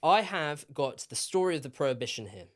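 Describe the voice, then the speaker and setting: A man's voice: on the high side, sing-song, fairly quick. Teasing young man co-hosting a podcast. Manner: teasing, rambling with fillers. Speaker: podcast co-host. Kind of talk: casual chat.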